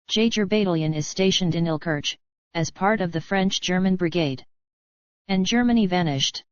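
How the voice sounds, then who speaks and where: A woman reading a fan story aloud in a steady, even narration, close to the mic. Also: lowish voice, normal speed, dry recording, muffled recording.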